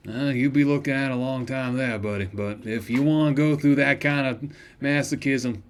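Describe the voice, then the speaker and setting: Guy doing a gruff blunt city guard for a tabletop game, rough-edged, middle pitch. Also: moderate pace, lightly acted.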